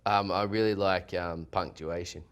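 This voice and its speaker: Deep-voiced laid-back Australian man. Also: steady tone, normal speed, a bit bright, clean tone. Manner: laid-back, laughing, swears freely. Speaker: yacht crew member on a reality-show after show. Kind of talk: casual chat.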